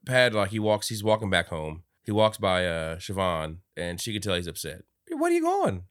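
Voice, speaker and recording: A man's voice: low-pitched, moderate pace, a bit bright, smooth, dry recording, clean studio sound. A man co-hosting a podcast, casually retelling a film's scenes, acting out the characters with plenty of laughter and swearing. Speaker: podcast co-host. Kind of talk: casual movie review chat.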